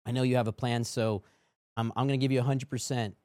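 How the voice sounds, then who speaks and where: A man's voice: medium pitch, fairly even intonation, fast, warm tone, no echo. Middle-aged male podcast guest, earnest testimony storyteller, dry recording. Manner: earnest storytelling, acts out quoted dialogue. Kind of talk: testimony in casual chat.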